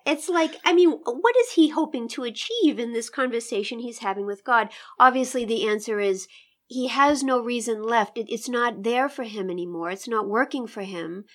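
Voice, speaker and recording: A woman teaching a poetry lesson in an enthusiastic, engaged way, reading lines aloud with emphatic pauses. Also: on the high side, fairly bright tone. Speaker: literature teacher. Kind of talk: literary discussion lesson.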